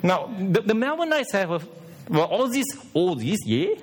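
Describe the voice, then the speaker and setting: A male pastor delivering a sermon in a church, his fairly high voice swinging widely in pitch. He preaches with animation, leaning on emphasis and slipping into quoted lines. The delivery stays energetic and expressive throughout. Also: normal speed, a little hiss or hum.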